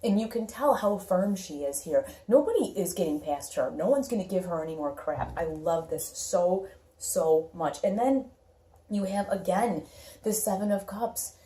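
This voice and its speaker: A woman's voice: on the low side, animated, moderate pace, mellow, echoey room. A woman giving a casual tarot reading, talking emphatically and acting out people's reactions. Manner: emphatic, talky, acts out quoted reactions. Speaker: tarot reader.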